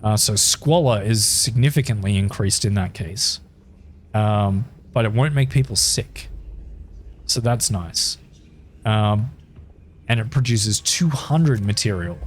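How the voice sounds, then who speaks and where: Australian man commentating a strategy game. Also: mid-range voice. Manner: talks to chat, thinks aloud with many ums. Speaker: gaming YouTuber. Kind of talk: casual gameplay commentary.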